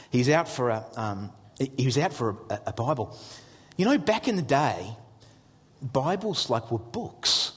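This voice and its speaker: A middle-aged man, a pastor telling funny stories in a sermon, animated and excitable with jokey asides. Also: mid-range voice, big-room sound, a little hiss or hum. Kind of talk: humorous storytelling sermon.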